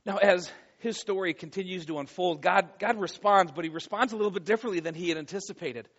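A man preaching a sermon, pleading loudly and then dropping to a hush, often repeating words as he goes. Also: high voice, fast. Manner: impassioned, swings from loud pleading to hushed. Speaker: pastor. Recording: dull lo-fi recording.

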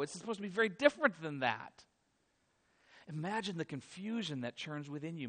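A man preaching a sermon, retelling a story in a dramatic style that swings from hushed to loud. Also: fairly high pitch, big pitch swings, a little fast. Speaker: pastor.

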